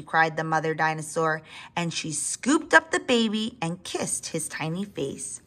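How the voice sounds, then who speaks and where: Expressive woman reading a children's story. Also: fairly low pitch, unhurried. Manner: expressive, with asides to young listeners. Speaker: reader. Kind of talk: children's story read-aloud.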